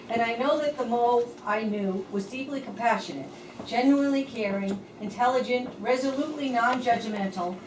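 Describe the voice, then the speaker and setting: Woman, heartfelt eulogy reader; distant mic, echoey hall, audible hiss. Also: on the high side. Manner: measured, earnest and heartfelt. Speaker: speaker reading a tribute at a memorial. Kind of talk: reading a written eulogy.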